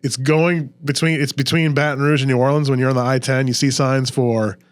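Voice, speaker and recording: A man's voice: medium pitch, little pitch movement, fairly quick, clear, resonant tone. A man from Louisiana hosting a casual podcast chat, explaining local history and pronunciations at length. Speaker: podcast host.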